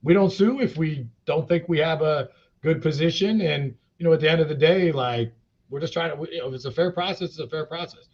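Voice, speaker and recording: Gravelly guy rambling and cursing, lots of "you know", muffled podcast sound. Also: a little high, brisk, darkish tone. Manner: blunt, profane, rambling with many fillers. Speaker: cannabis company CEO, interview guest. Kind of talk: casual interview talk. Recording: dull lo-fi podcast audio.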